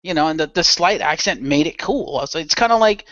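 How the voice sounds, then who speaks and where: A man's voice: a little high, animated, a little fast, fairly bright tone, no echo. A man chatting on a podcast panel, giving opinionated rants and swearing freely. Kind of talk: casual podcast chat. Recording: dull lo-fi dry sound.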